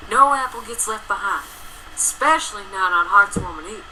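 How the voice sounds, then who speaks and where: A woman's voice: medium pitch, animated, normal speed, bright, forceful tone, a little hiss or hum, poor audio. Woman doing a reassuring Southern farm mare. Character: grown farm mare, protective older sister.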